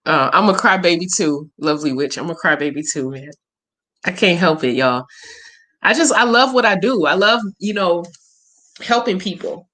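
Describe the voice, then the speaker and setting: A woman's voice: lowish voice, animated, normal speed, a bit bright. Woman doing a live q&a, chatty, swears a lot, gets emotional, blunt and open. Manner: candid, profane, emotional and chatty. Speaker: spiritual reader and livestream host. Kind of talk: casual livestream Q&A.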